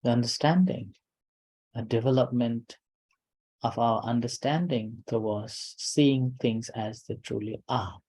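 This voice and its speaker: A male meditation teacher giving a calm dharma talk. His voice is soft and mellow, and he speaks slowly, in short phrases broken by pauses. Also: mid-range voice, low-quality recording.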